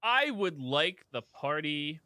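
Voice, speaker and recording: A man's voice: on the high side, big pitch swings, takes it slowly, sharp tone. A man running a tabletop game as game master, narrating the scene and calling for rolls.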